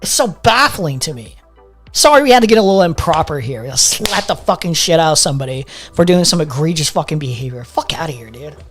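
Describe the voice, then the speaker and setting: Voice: mid-range voice, lively intonation, fairly quick, soft background music. A live commentary streamer ranting in an exasperated, profane way, often repeating words while reacting to a debate clip.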